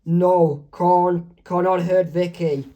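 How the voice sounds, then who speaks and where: A man voicing a lovestruck, boastful male alien in a homemade comic reading, with slow, emphatic declarations. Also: high-pitched, steady tone, dark tone.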